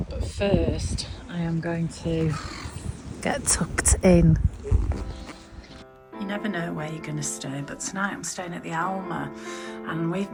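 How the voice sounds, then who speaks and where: A middle-aged woman with a Yorkshire accent, a touring folk musician chatting through a video diary, often dropping into hushed near-whispered asides. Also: on the low side, poor audio. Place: van and hotel rooms on tour. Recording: clear music playing behind.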